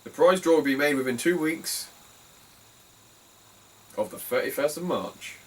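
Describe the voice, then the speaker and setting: A British man who collects retro games chats in a vlog about his finds, rambling, swearing freely and laughing as he tells stories. His voice is on the high side and unhurried, recorded from a distance with poor audio.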